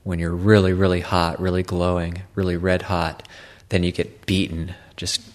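A man speaks as a Buddhist monk offering a Dharma talk. His voice sits low and stays fairly even, with little rise or fall. He halts often and repeats words as he feels for each thought. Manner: halting, repeats words, many fillers.

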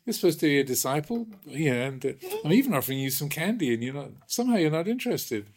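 A man's voice: fairly high pitch, sing-song, fast, a little mellow, voice pushed up. A man voicing an elderly monk teacher who playfully coaxes and teases his struggling disciple. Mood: teasing. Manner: playful, coaxing, mock-innocent.

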